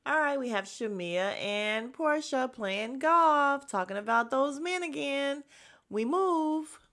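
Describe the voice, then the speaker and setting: A woman with a high, expressive, slightly bright voice speaks slowly as she hosts a podcast recapping a reality show. She's blunt, gossipy and candid, dropping casual slang and curse words. Her chat rambles along, packed with fillers.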